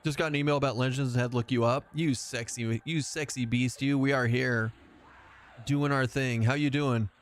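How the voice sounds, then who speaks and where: A man's voice: mid-range voice, steady tone, moderate pace. Chatty man streaming a game. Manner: chatty, rambling, self-mocking, laughs often. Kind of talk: live game-stream commentary.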